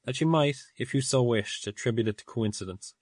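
A man voicing an elderly father in a storybook reading, insistent and halting. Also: medium pitch, darkish tone, no echo, studio quality, natural voice. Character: elderly father, stubborn then dazed.

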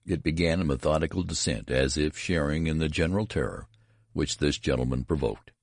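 Man, audiobook narration, very low voice, gravelly, dry close sound. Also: brisk, no echo. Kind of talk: audiobook narration of a classic story.

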